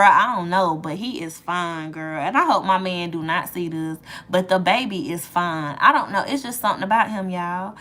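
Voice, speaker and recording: A woman's voice: medium pitch, sharp tone. A woman chatting casually to her viewers on a live stream, gushing and playful, talking straight to them. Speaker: livestream host.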